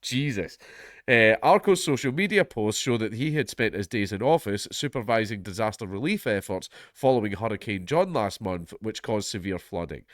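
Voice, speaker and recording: A Scottish man with a blocked-up head cold hosts his commentary channel, reading a news article aloud and breaking off into sardonic, sweary asides. His lowish voice has lively intonation and a slightly bright tone at normal speed. The sound is clean studio audio with no room sound.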